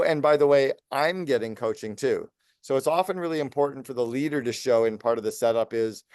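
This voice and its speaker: A man in his late fifties, a business coach speaking as a podcast guest, talking fast and energetically in long lists. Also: mid-range voice, darkish tone, no echo, clean studio sound. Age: 50s. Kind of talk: podcast interview.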